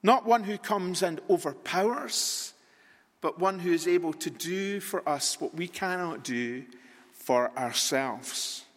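High-pitched guy preaching slow, lots of pauses, big echoey church. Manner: deliberate, repetitive rhetorical preaching with long pauses. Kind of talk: sermon. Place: church sanctuary. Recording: long reverb in a large hall.

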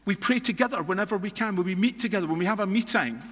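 Scottish preacher, bright voice, long hall echo. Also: male voice, high voice, racing. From Scotland. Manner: earnest, repeats and restarts phrases, rises for emphasis. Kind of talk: sermon.

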